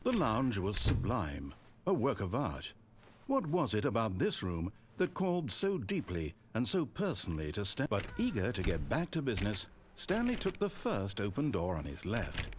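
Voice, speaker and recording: A man voicing the narrator of a video game, telling the story in measured, faintly ironic scripted narration. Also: fairly low pitch, wildly swooping pitch, slight background noise. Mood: wry. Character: dry, wry male storybook narrator of a game.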